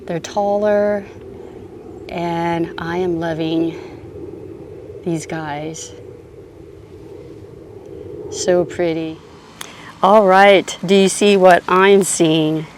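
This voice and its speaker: A woman's voice: lowish voice, steady tone, extremely slow, long pauses. A woman giving a casual, enthusiastic tour of her garden, chatty with small restarts. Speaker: garden vlogger. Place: outdoor home garden. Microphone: clip-on mic. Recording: outdoor mic with faint AC hum. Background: air conditioner hum.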